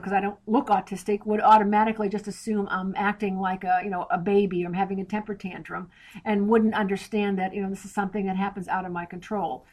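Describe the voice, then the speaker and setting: Direct woman explaining step by step. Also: mid-range voice. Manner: direct, explanatory, lists steps plainly. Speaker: interview guest, author. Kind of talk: podcast interview.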